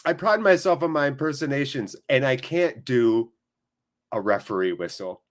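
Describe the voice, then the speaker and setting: An American man hosts a live football watchalong, reading chat and calling the play. He talks in a jokey, animated way with quick bursts of play-by-play. His pitch sits in the ordinary male middle. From United States. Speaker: watchalong host.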